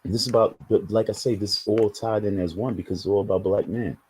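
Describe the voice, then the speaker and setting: Husky, low-voiced man ranting. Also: fairly even intonation, quick pace, darkish tone, rough recording. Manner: emphatic, blunt, profane. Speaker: online commentator. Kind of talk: preachy monologue to viewers.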